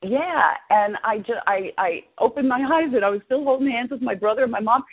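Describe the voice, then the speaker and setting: A woman in her sixties, a podcast guest, excitedly and emotionally telling a personal story. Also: fairly high pitch, brisk, husky. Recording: lo-fi podcast audio.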